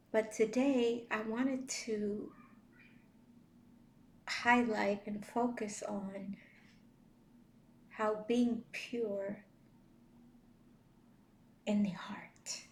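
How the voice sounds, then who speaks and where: A woman giving a casual devotional talk as a vlogger, gentle and unhurried, with many fillers and soft laughs. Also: mid-range voice, gravelly, roomy sound, a little hiss or hum. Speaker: vlogger sharing faith reflections.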